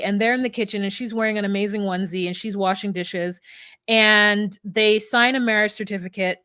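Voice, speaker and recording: A woman co-hosting a podcast, chatting casually and breaking into mock voices when she quotes people. Her voice sits at a middle pitch, recorded close and dry with no room sound. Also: fairly bright tone, clean tone, no echo. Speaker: podcast co-host. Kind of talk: casual recap chat.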